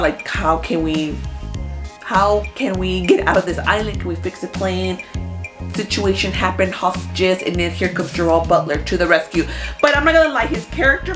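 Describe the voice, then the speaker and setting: A young woman chatting casually to her viewers as she recaps the movies she watched, full of fillers. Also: mid-range voice. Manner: chatty, filler-heavy, talks straight to viewers. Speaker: movie review vlogger.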